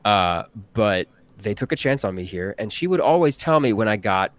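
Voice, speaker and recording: Earnest, halting man with a low voice. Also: lively intonation. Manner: earnest, halting, many restarts. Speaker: voice actor guest. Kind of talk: casual live-stream interview.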